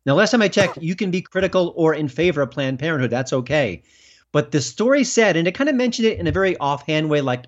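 A man's voice: very animated, brisk. Emphatic man with a dull lo-fi sound. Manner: emphatic, rising pitch when indignant. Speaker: film critic guest. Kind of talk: political interview.

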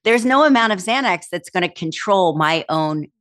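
A woman's voice: lowish voice, moderate pace. A woman talks casually as an interview guest. She tells her stories with energy, acting out voices and laughing often. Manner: animated storyteller, acts out voices, laughs often. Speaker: talk show host and author, guest.

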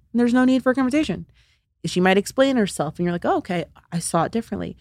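A woman talking as a podcast guest and friendship coach, lively, acting out the lines she quotes. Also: mid-range voice, quick pace, no echo, clean studio sound. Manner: animated, acts out quoted lines. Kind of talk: conversational interview.

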